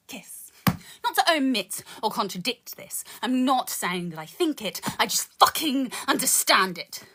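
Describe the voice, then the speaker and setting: Uk woman ranting raw spoken word rap into her phone, high bright voice. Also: slight background noise. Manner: intense, swearing, shifts between rapping and chatting. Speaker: live-streaming spoken word rapper.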